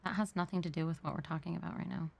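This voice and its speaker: A woman's voice: lowish voice, fairly even intonation, racing, gravelly. A woman talking in character during a role-play, earnest and explaining herself at length.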